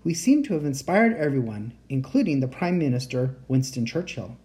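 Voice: mid-range voice, big pitch swings, moderate pace, dark tone, lightly acted. A reader voicing a polite teenage boy enchanter who speaks in formal, old-fashioned phrasing. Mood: earnest.

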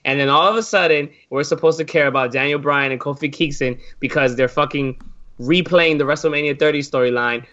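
A man's voice: fairly high pitch, a little fast. Ranting, swearing man on a podcast. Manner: loud, swearing, sarcastic ranting. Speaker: podcast co-host. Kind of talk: casual podcast rant. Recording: dull lo-fi sound.

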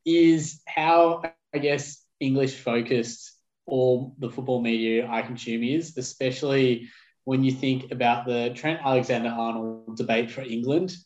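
A man's voice: medium pitch, fairly even intonation, unhurried, darkish tone, muffled recording. A man co-hosting a podcast in casual chat, joking in a dry, self-mocking way. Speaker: podcast co-host.

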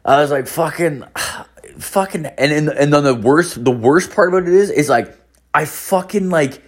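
A man's voice: a little high, normal speed. Man, late thirties, casual storytelling, heavy swearing, rambling. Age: 30s. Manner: rambling, profane, animated. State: hungover.

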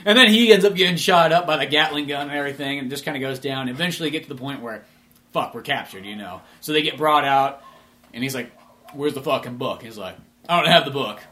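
A man's voice: medium pitch, fast. A man co-hosting a movie podcast, chatting casually and profanely, laughing often and acting out scenes. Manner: profane, laughing, acts out scenes in loud put-on voices. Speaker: podcast co-host. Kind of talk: casual movie review chat.

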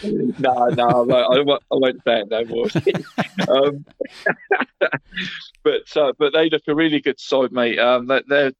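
A man's voice: mid-range voice, measured pace, long pauses, dry recording. A man running through local football results in casual radio chat, adding "mate" to nearly every phrase. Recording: slightly muffled, dry studio sound.

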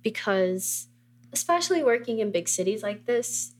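A woman hosting a podcast interview, relaxed and casual, saying "like" a lot. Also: mid-range voice, normal speed, slight background noise. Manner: relaxed, lots of "like". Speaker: podcast host.

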